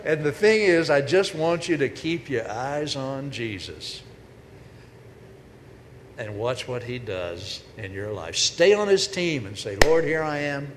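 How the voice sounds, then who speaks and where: A man giving a humorous, storytelling sermon as a preacher, with sudden loud bursts. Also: medium pitch, sing-song, slow. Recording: echoey hall with faint noise.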